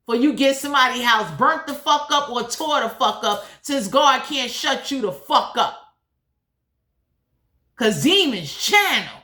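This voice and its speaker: A woman's voice: sits high, expressive, unhurried, pushed and bright. A woman doing a blunt, profane, heated tarot reading in a casual monologue. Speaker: tarot reader. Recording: echoey room.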